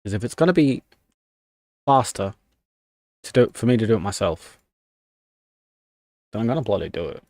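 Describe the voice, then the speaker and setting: A man's voice: lowish voice, sing-song, moderate pace, long pauses, darkish tone, no room sound, clean studio sound. A young man chatting casually on a live stream, ranting in annoyance while typing commands at his desk. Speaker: livestreamer.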